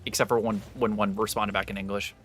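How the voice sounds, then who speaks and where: Bright-voiced young man, rambling story. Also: on the low side, fast, faint music behind. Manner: animated, rambling, swears freely. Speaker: live game streamer. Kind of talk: casual storytelling to live chat.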